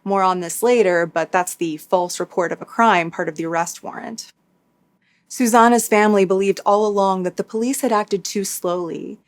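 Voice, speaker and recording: A woman tells a true crime story from a script in a mid-range voice. She keeps her delivery steady and matter-of-fact, dropping in the odd dry aside. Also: mid-range voice. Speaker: true crime YouTuber host.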